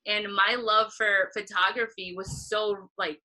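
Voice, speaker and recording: A woman's voice: a little slow, poor audio. A woman in her thirties being interviewed about her career as a concert photographer, telling stories with energy and acting out past conversations in a raised voice. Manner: animated storytelling, acting out past dialogue in a higher voice.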